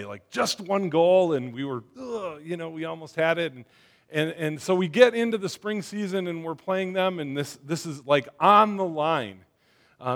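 A man giving a casual sermon to his congregation, talking conversationally with lots of fillers and getting them to shout back. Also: on the high side. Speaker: church speaker.

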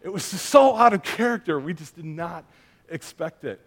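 A male pastor giving a sermon in a relaxed, chatty way, with fillers and light humor from family stories. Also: on the high side, moderate pace. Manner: conversational, chatty with fillers and asides.

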